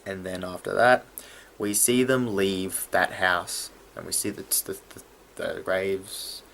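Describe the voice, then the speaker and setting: A man with a fairly low voice talks casually through a TV episode for his video review. He gets worked up and trips over his words, restarting sentences. A faint background hiss sits under his voice. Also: slow pace, vocal fry. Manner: excitable, stumbling and restarting mid-sentence.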